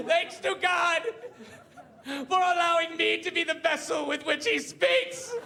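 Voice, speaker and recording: A man's voice: very high voice, slow pace, vocal fry, sharp tone, voice pushed up, heavily acted. A comedian playing a pompous, self-adoring older male TV interviewer who gives a tearful, flowery acceptance speech on stage. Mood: pompous, weepy. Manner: grandiose, flowery, over-emotive speech. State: tearful, breaking down.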